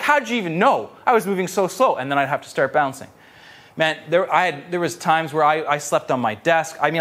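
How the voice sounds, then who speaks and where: A young adult male pastor preaching a sermon with animated storytelling, repeating phrases for emphasis. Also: fairly high pitch.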